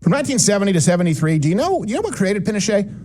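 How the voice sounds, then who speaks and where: A man hosting a commentary show, delivering an opinionated monologue with sarcastic, emphatic swings between loud and low. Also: big pitch swings, very fast, a little hiss or hum.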